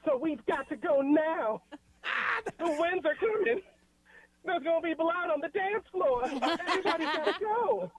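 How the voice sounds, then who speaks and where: A man on the radio doing a high, giggly falsetto impression of a breathless male pop star warning everyone about a storm. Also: measured pace, low-quality recording. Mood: urgent. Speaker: caller. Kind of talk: celebrity impression for a radio game.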